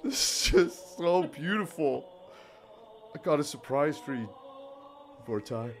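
A man voicing an excitable young male groomsman who gushes over his friend and keeps saying "man". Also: fairly high pitch, slow, faint music behind, pitched above the performer's own voice. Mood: emotional, fond. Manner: gushing, repeats "man" constantly.

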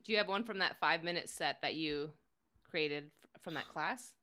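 A woman's voice: low voice, moderate pace, pushed and bright. A woman hosting a casual comedy podcast, talking loosely with swearing and lots of laughing. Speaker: podcast host.

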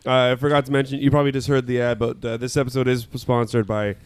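A man's voice: medium pitch, flat delivery, fast talker, clear, resonant tone, no room sound. A man hosting a comedy podcast, joking and laughing often in casual chat. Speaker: podcast host.

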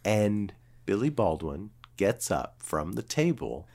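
A man's voice: fairly low pitch, slow pace, vocal fry. A man telling a rambling story in casual chat, full of fillers and swearing. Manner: swearing, filler-heavy, animated retelling.

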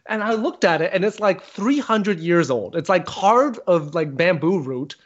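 A man with a high voice tells a long story in casual podcast talk. He swears freely and jumps up in pitch to act out the people he quotes. The recording sounds dull and lo-fi. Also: measured pace. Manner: animated, profane, acts out quotes with big pitch jumps.

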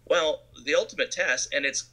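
Bright-voiced man telling film-set stories. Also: a little high, moderate pace. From Arizona. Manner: animated storyteller who acts out quotes. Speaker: film director guest. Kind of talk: anecdotal interview storytelling.

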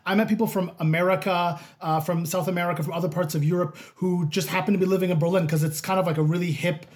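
A man from Canada, hosting a podcast and telling stories in a rambling, animated way with plenty of fillers. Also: high voice, fast. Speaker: podcast host. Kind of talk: casual chat.

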